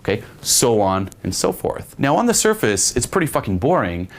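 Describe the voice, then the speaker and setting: A man's voice: mid-range voice, big pitch swings, moderate pace. A young man teaching a dating lesson in a casual way, often checking in with "okay?" and swearing now and then. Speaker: dating coach. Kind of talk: spoken lesson with acted examples.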